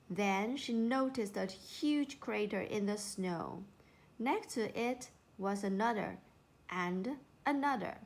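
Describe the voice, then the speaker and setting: A woman narrating a children's storybook in an unhurried, expressive way. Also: mid-range voice.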